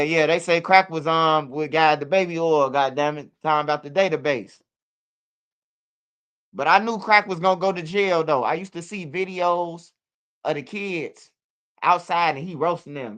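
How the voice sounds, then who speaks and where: Male street-news commentator: slangy and profane, rambling, fairly high and smooth. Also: normal speed, a bit bright.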